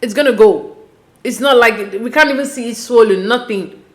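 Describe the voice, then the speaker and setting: A woman's voice: a little high, normal speed. A young woman giving a casual recap of a reality show, with exasperated, incredulous commentary. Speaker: recap vlogger.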